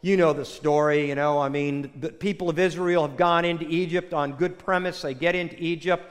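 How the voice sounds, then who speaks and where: High-voiced preacher in a reverberant church. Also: male voice, a little fast. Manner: folksy storyteller, animated with acted quotes. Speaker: pastor. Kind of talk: sermon with a joke. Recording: long hall reverb.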